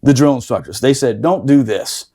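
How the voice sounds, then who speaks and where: A middle-aged man telling a boot camp story on a podcast, profane and animated, laughing as he talks. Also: medium pitch, moderate pace, breathy edge. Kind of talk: casual storytelling chat.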